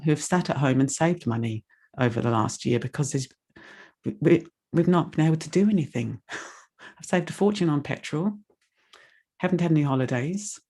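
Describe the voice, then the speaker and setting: Creaky-voiced woman making an emotional appeal. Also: low-pitched, a little mellow. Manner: emotional, rambling, close to tears. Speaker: speaker making a donation appeal. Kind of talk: heartfelt fundraising appeal in an online meditation session.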